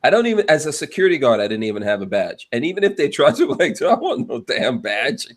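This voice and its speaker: Animated, joking male podcast host. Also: fairly high pitch, racing. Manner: joking, laughs often, reads chat aloud. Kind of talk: casual chat.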